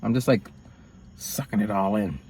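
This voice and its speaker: This vlogger has a husky, lowish voice and speaks at an ordinary speed. Rambling through a story from his own life, he gets lively and performs quoted lines loudly, his voice swinging widely.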